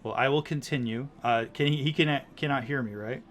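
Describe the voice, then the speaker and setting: A man's voice: mid-range voice, fairly quick, fairly bright tone. A man running a tabletop game as dungeon master, narrating scenes in a loose, descriptive way with many likes and ums.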